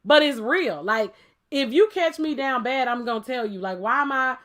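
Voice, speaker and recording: Female podcast co-host, high bright voice, emphatic, playful, rhetorical. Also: lively intonation, normal speed. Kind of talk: casual debate chat.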